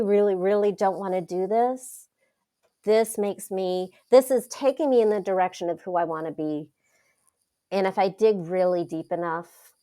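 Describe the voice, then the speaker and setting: A middle-aged woman, a wealth coach, telling stories in a casual interview with dramatic, expressive delivery. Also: on the low side. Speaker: wealth coach, podcast guest.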